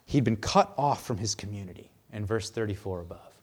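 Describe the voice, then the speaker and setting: A man preaching a sermon in a conversational, animated way, sometimes acting out the voices he quotes. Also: fairly low pitch, fairly quick, breathy edge. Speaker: pastor.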